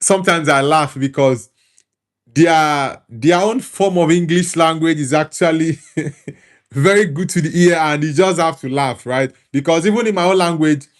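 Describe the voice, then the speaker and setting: A Nigerian man with an Igbo background hosting a relaxed football talk show, reading out chat comments and answering them in an easygoing way. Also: fairly high pitch, a little slow. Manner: easygoing, repeats words while thinking. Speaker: host reading live chat.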